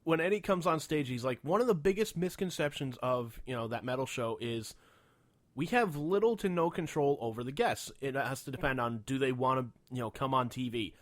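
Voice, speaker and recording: A man's voice: medium pitch, no room sound. A man co-hosting a casual podcast, swearing freely and acting out the people in his stories. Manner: profane, animated storyteller acting out quotes. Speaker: podcast co-host.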